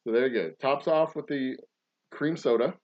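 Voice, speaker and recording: A playful man chats casually as he mixes a drink, rambling into far-fetched stories that he tells with a straight face. His voice sits at a middle pitch, and the recording sounds a little dull. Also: normal speed, a little hiss or hum. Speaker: podcast host and distiller. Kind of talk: casual chat while mixing a cocktail.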